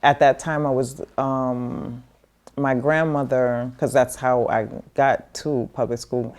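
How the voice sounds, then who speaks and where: A woman in middle age, with a very deep voice that has a dark, mellow tone, recounts her childhood as a guest. She talks loosely and wanders, filling gaps with "um" and "like". She slips into the voices of her family when she quotes them. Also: steady tone, slow. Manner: rambling, with many fillers and restarts. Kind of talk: casual personal storytelling.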